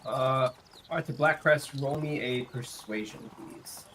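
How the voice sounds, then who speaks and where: A man running a tabletop game as game master, recapping events in a loose, filler-filled way. His voice is bright and forward, with a middle pitch for a man. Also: takes it slowly, a little hiss or hum, low-quality recording. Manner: casual, filler-heavy narration.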